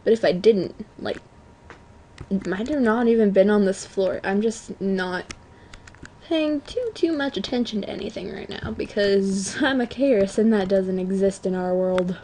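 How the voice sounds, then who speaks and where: A teenage girl at home giving chatty, self-mocking commentary on a video game, often apologizing and breaking into excited outbursts. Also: mid-range voice, measured pace, a little hiss or hum. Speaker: let's play gamer. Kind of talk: casual gameplay commentary.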